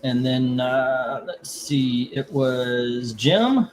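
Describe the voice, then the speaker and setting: A man hosting a casual live comic book auction. He rambles between lot calls, curses freely and gets heated before calming himself down. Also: mid-range voice, very slow, a little hiss or hum. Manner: rambling, cursing, gets heated over politics then calms down.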